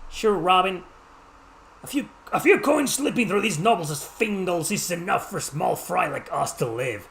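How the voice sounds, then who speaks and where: A man's voice: high voice, expressive, measured pace, gravelly, fairly bright tone, slight background noise, pitched above the performer's own voice, full character voice. A man with a Mexican accent reading the lines of a guarded young male street thief from a game.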